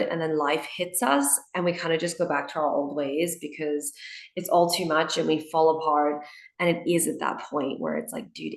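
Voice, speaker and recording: A woman's voice: low voice, creaky, roomy sound. A woman coach hosting an interview, casual and encouraging in how she asks her guest questions. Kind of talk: supportive interview.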